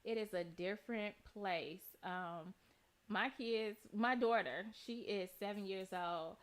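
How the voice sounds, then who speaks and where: A woman in her thirties co-hosting a radio talk show, telling a story with lively quoted voices. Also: mid-range voice, takes it slowly, clean tone. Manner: animated retelling, voicing quoted people. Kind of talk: casual chat, storytelling.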